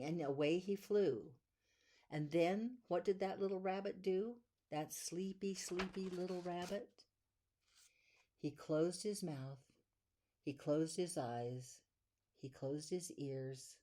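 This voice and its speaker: A woman reading a children's bedtime story aloud in a gentle, soothing way, drawing out the repeated lines. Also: low voice. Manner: gentle, soothing, drawn-out repetitions.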